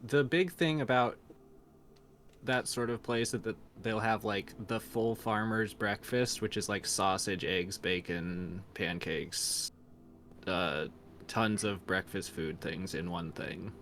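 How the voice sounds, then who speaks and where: A man chatting casually with a friend on a game stream, explaining things in a relaxed way. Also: on the low side, slow, slight background noise. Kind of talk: casual chat.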